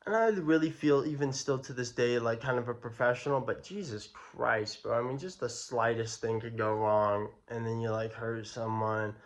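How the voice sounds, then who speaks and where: Young guy ranting through a story, lots of slang and swearing, mid-pitched voice. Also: normal speed, hardly any pauses. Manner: slangy, profane, animated retelling. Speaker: vlogger. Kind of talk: casual storytelling.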